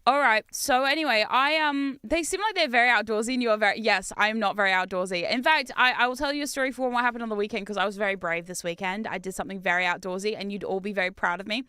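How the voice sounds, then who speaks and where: A woman's voice: mid-range voice, fast talker, hardly any pauses, sharp tone, clean tone, dry recording, studio quality. A woman streaming a game, telling stories in a chatty, self-mocking way with frequent laughs. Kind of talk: casual chat while gaming.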